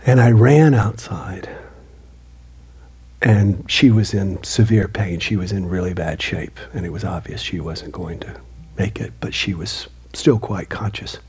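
A man and author giving an earnest storytelling talk, often dropping his voice to a hushed near-whisper. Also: low-pitched, unhurried, husky. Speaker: motivational speaker and author.

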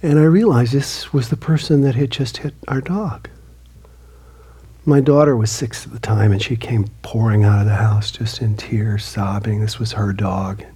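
A man and author giving an earnest storytelling talk, often dropping his voice to a hushed near-whisper. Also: on the low side, moderate pace, breathy edge. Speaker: motivational speaker and author.

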